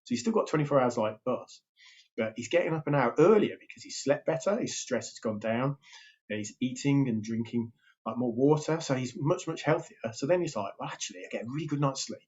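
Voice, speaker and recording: Man, health coach, casual motivational chat, checks in with "yeah?", mid pitch, muffled lo-fi audio. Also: lively intonation, fairly quick, darkish tone. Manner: chatty, keeps checking in with "yeah?". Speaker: health and weight loss coach. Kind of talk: casual motivational talk to camera. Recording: slightly dull lo-fi sound.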